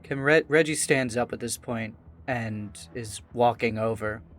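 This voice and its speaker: A man's voice: medium pitch, unhurried, fairly bright tone, slight background noise. Casual, hesitant man playing a tabletop game. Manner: casual, hesitant, lots of fillers. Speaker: player.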